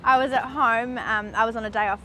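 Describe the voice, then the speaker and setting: A New woman, a television reporter, recounting events in a measured documentary interview. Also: a little high, steady tone, bright, forceful tone, slight background noise.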